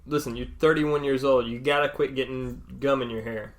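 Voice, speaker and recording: A man's voice: medium pitch, fairly even intonation, a little fast, slight background noise. Dry-humored podcast man in his thirties. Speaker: podcast co-host. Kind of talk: casual chat.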